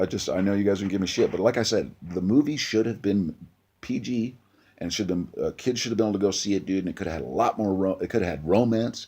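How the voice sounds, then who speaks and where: A man's voice: low voice, dark tone, husky. A man reviewing a film in a blunt, profane casual rant, full of restarts. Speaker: movie reviewer.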